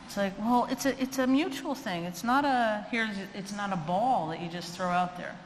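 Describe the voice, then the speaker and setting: A woman's voice: mid-range voice, moderate pace. A middle-aged woman, a dog trainer, giving a lecture with funny stories and acting out quoted voices. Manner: animated, chatty, acts out quoted voices. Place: lecture hall. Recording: echoey hall with faint noise.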